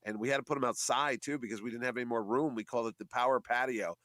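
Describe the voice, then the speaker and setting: A man chats casually about running a comic convention, telling stories and acting out what others said. His voice sits at an ordinary middle pitch. It sounds dry, with little room echo. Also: fast. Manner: chatty storyteller, animated quoting of others. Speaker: comic convention organizer, guest. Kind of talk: casual radio interview chat.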